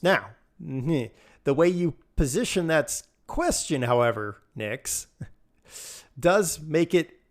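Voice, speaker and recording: Male streamer, casual live chat while gaming, rambling and laughing a lot. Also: medium pitch. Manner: rambling, chatty, laughs often, answers chat.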